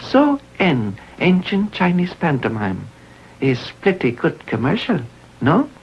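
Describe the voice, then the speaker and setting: A man's voice: fairly high pitch, animated, measured pace, lo-fi sound, a little hiss or hum. A man voicing a commercial narrator in a mock broken-English voice, clipped and sing-song. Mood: mock solemn.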